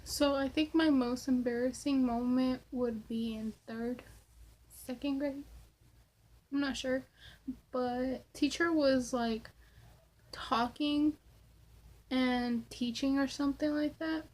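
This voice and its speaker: A woman's voice: high-pitched, steady tone, slow, pauses often, a little mellow. A young woman vlogger answering Q&A questions and rambling through a story, filling her talk with "like" and swearing casually. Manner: chatty, rambling, lots of "like".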